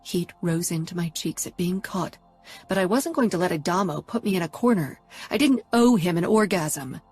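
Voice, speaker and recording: A woman reading a first-person romance audiobook in a steady, intimate narration. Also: lowish voice, normal speed, slightly rough, faint music behind.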